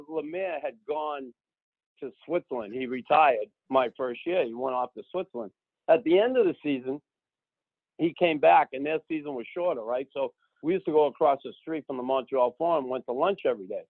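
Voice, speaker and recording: A man, telling a story as a podcast guest in an animated way, acting out the people he quotes. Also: a little high, moderate pace, no echo. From Boston. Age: 60s. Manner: animated, acts out quoted people, keeps adding "right?". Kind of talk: casual storytelling. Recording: dry, phone-like narrow sound.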